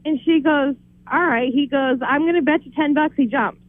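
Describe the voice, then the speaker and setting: Over a tinny phone line with no room sound, a woman with a high-sitting voice speaks at a moderate pace. She's a caller to a radio show telling jokes, giggling and laughing her way through them.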